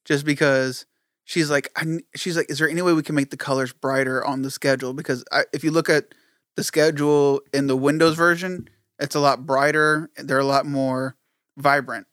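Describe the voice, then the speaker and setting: A man chatting casually on a podcast, telling stories quickly and animatedly. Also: fairly high pitch, no echo, clean studio sound. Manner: rapid, animated storytelling. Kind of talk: casual chat.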